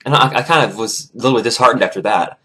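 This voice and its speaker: A young man vlogging casually, retelling a story and chatting in a rambling, animated way with frequent restarts. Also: medium pitch, fast talker.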